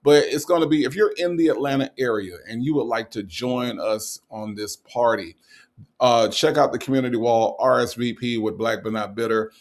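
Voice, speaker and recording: A man hosting a livestream, chatting casually as he signs off, checking in with "okay?" and repeating slow affirmations. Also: mid-range voice. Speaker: livestream host.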